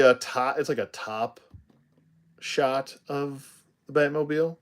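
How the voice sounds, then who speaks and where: A tired man, yawning as he goes, unboxes a toy live while chatting casually in a mid-range voice at a slow pace. He rambles and throws in self-deprecating asides.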